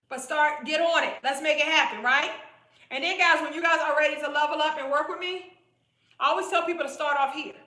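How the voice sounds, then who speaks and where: Direct, chatty high-voiced woman coach. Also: bright, forceful tone. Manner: direct, chatty, repetitive, calls viewers "boo". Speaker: weight-loss coach hosting a live stream. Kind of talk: casual live-stream sales pitch. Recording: roomy echo.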